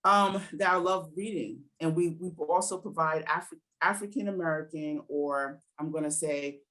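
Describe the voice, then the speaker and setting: A woman in her forties with a New Jersey accent, talking fast and animated as a guest educator in a podcast interview. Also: low-pitched, rough recording.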